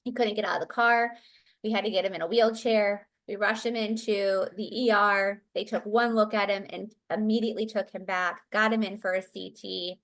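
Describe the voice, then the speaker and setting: A woman's voice: mid-range voice, fairly even intonation, normal speed, a bit bright. Earnest woman guest recounting a story. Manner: earnest, with many fillers and restarts. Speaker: interview guest. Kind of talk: conversational storytelling.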